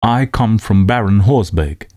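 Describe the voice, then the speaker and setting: A man voicing a polite old French gentleman with a slight French accent, speaking in a courteous, measured way. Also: fairly low pitch, animated.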